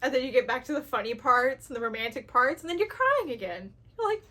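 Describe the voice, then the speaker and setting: High-pitched woman gushing about her fave books, super animated, acts out her reactions. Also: fast, few pauses. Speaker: book reviewer. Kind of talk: casual chat to camera.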